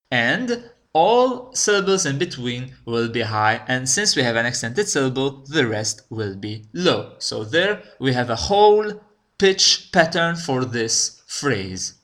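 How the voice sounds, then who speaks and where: A man giving a recorded lecture, explaining step by step in a slow, deliberate way and checking in with "okay?". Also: mid-range voice, pushed and bright. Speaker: language teacher.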